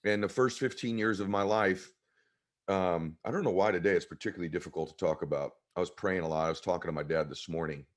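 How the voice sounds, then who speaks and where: A man's voice: sits low, quick pace. A man telling a personal story as a guest in an interview, earnest and choked up with emotion. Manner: earnest, heartfelt. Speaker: guest author.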